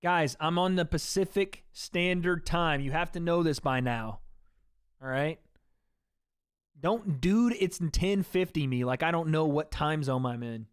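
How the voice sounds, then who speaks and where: A man with a fairly high, smooth voice calls a fight play by play for his livestream viewers. His talk is loose and chatty, and he keeps turning to the audience as "guys." The sound is dry and close, with no room echo. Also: fairly even intonation, normal speed. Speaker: livestream host. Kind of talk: casual play-by-play commentary.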